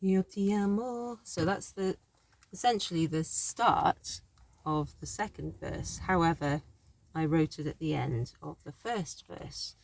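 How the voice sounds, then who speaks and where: A woman's voice: deep voice, measured pace, vocal fry. A woman teaching a language lesson in a chatty, thinking-aloud way, often correcting herself as she explains. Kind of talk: casual spoken lesson.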